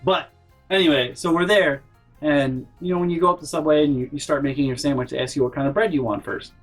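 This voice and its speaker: A man vlogger telling a comedic story in an animated, exasperated way. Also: fairly high pitch, fast, rough recording. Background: faint background music.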